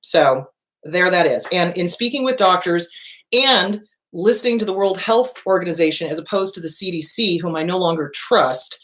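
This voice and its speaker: A woman's voice: fairly low pitch, normal speed. Blunt, profane woman host. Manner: blunt, profane, animated storytelling. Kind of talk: casual monologue.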